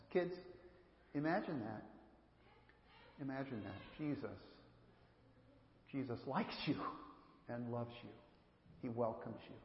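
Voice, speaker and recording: A man's voice: mid-range voice, unhurried, long pauses. A man giving a sermon as pastor, earnest and repeating words for emphasis, often speaking straight to the children. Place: church sanctuary. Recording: echoey hall, dull lo-fi sound.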